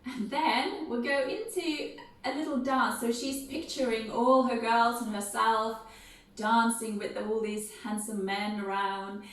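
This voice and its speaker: A woman leading a gentle seated music and movement session, soft and encouraging, talking through each step. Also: fairly high pitch, unhurried, distant mic. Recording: very echoey room, away from the mic.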